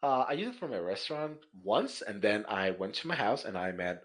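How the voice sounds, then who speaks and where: A man, a chef guest on a podcast, chatting casually and telling animated stories with many repeated words. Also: fairly low pitch, fairly quick, poor audio. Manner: animated storyteller, repeats words, laughs easily. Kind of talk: casual chat.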